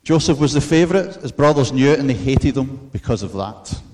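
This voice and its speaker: A man preaching a sermon in an earnest, measured way, mixing in storytelling asides. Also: mid-range voice, animated, a little mellow.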